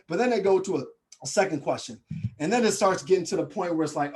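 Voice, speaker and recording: A man in his thirties from Nebraska leads a webinar in an animated storytelling way, his voice sitting a little high for a man. He keeps turning to the audience with "right?" and calls them y'all. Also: quick pace. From Nebraska, USA. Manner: lively storytelling, acts out quoted people with high excited voices. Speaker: motivational speaker. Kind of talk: webinar talk.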